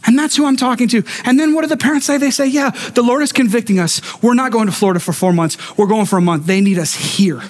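A man's voice: extremely high pitch, fast talker, hardly any pauses. A male pastor delivering a sermon, telling stories with humorous asides and acting out the voices of the people he quotes.

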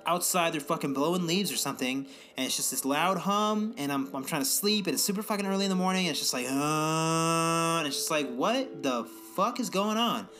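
A young man with a somewhat high voice talks in a loose, meandering way, cursing often and building into animated rants. It is an unscripted podcast chat with faint music underneath. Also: a little fast, hardly any pauses. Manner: rambling, profane, animated ranting. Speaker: podcast co-host. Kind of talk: casual chat.

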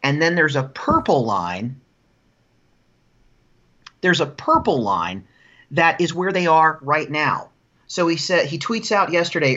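A man's voice: fairly high pitch, big pitch swings, slow, long pauses, pushed and bright, lo-fi sound. A man from New Jersey co-hosting a news podcast, giving indignant, mocking commentary that rises into outraged exclamations. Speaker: podcast co-host.

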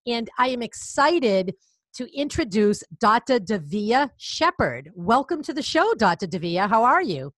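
A woman's voice: a little high, big pitch swings, a little slow, no echo. Bubbly woman host with Boston accent. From Connecticut. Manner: bubbly, enthusiastic. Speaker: podcast host. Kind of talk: casual interview chat.

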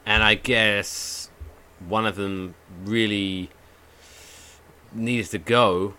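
A man co-hosting a podcast in casual chat, animated storytelling with free swearing. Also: lowish voice, drawn-out words, clean tone. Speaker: podcast co-host.

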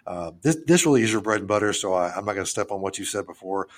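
A man with a fairly low voice talks through horror movies with his co-host in loose, rambling chat. He trails off, restarts, and drops casual swearing as he goes. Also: expressive, quick pace. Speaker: podcast co-host.

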